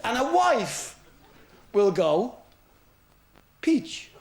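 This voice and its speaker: A man's voice: high voice, big pitch swings, brisk, heavy background noise. A man doing a chatty club stand-up routine, joking with the crowd. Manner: chatty, jokey patter with the crowd. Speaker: stand-up comedian. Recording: old 1970s TV recording with audience laughter.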